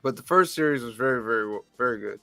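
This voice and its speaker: A man hosting a casual podcast, reading titles off a list in a measured, deadpan way with wry asides. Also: mid-range voice, vocal fry, dry recording, faint music behind. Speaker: podcast host reading the weekly release list.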